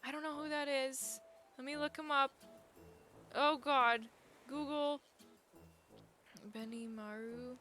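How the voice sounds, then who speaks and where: A young woman chatting casually with her viewers as a live streamer, chatty and quick to get excited, laughing often. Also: sits high, soft background music.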